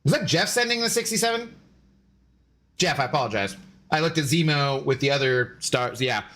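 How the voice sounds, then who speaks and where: A man's voice: a little high, expressive, normal speed, fairly bright tone. A young man streaming a game, chatting casually and jokingly with his viewers as he plays. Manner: chatty, rambling, joking with chat.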